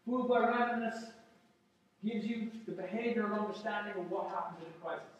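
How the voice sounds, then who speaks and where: A university lecturer with a high voice addresses his class, playful and emphatic, repeating key phrases for effect. He is recorded from across a lecture hall, so his voice sounds distant. Heavy room echo trails every sentence. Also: fairly even intonation, a little fast, dull audio. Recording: echoey lecture hall from far off.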